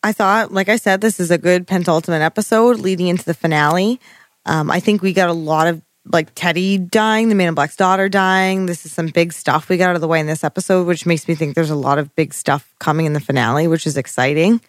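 Podcast cohost cracking sarcastic jokes, mid pitch, dry mic. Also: steady tone, no echo. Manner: joking, teasing, quick with sarcastic asides. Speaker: podcast co-host. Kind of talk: casual chat.

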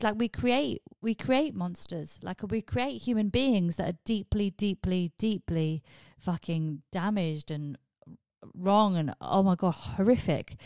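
A woman hosting a comedy podcast, telling a rambling, animated story and swearing freely. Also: medium pitch, no echo. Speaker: podcast host. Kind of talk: comedic monologue.

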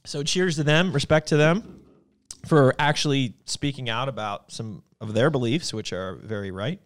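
A young man co-hosting a podcast in casual chat, animated and rambling, laughing often. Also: mid-range voice, normal speed. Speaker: podcast co-host.

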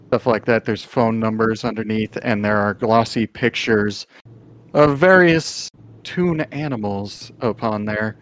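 A man narrating as game master of a tabletop game, in a relaxed, drawn-out way with pauses. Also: fairly low pitch.

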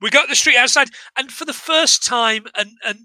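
An English man with a high voice and a sharp, very bright tone co-hosts a casual podcast. He rambles through a film recap, swearing freely and restarting his sentences. The sound is close and dry. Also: normal speed, no echo, low-quality recording. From England. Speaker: podcast co-host.

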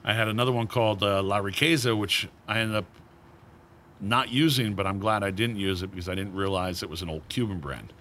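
A man with a low but bright, forceful voice tells relaxed stories as an interview guest. He slips into the voices of the people he quotes. A faint hum of ambient noise sits behind him. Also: a little fast. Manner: animated storyteller acting out quoted voices. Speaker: cigar brand founder, guest. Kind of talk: casual storytelling interview.

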